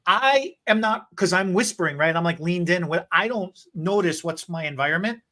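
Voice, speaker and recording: A man's voice: high voice, normal speed. A man co-hosting a beauty podcast, caught mid-story in casual chat. He acts out the voices of the people in his story and laughs easily as he goes. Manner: animated, laughing storyteller who acts out quotes. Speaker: podcast co-host, hair stylist.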